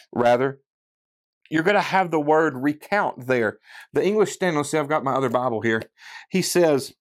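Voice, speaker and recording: A man preaching a conversational sermon, walking through a Bible passage with frequent check-ins to his listeners. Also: fairly high pitch.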